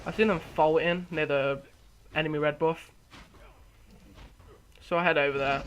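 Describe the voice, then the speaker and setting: A young man, casually commentating over his own gameplay, chatty and quick to laugh at himself. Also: fairly high pitch, steady tone.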